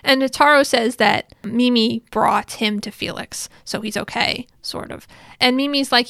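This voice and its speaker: A woman with a fairly high voice talks through an episode in a relaxed, chatty recap. She drifts into asides as she retells the scenes. The sound is dry, with no room echo. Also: normal speed, creaky. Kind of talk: casual spoken recap.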